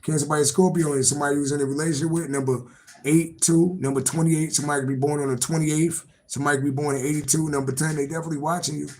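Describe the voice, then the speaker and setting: A man's voice: fairly high pitch, little pitch movement, rapid-fire, darkish tone, poor audio. A man doing a casual live-stream tarot reading, rambling and repetitive, swearing freely and laughing to himself. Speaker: tarot reader.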